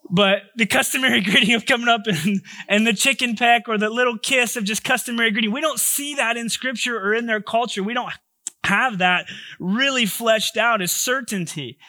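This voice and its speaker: A man's voice: very high-pitched, moderate pace, pushed and bright, no room sound, studio quality. A male pastor giving a sermon in a humorous, conversational way with joking asides.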